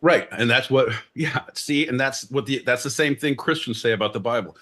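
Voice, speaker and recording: At a live show venue, a comedy podcast co-host launches into a profane, theatrical rant with mock-Shakespearean flourishes. His medium-pitched voice is pushed and bright, running at a moderate pace with hardly any pauses.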